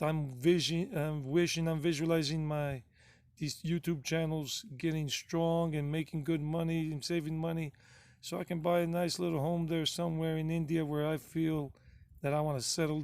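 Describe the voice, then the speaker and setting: A man's voice: on the high side, darkish tone. A man narrating his travel footage in a casual vlog, gushing and rambling and often repeating himself. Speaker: travel vlogger.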